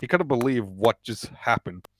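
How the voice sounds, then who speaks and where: A man's voice: expressive, fairly bright tone, slight background noise. A man reading a fan-written story aloud, stumbling and restarting lines and raising his voice for the characters. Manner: halting reading with restarts, pushed-up pitch for quoted lines. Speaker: fanfic reader.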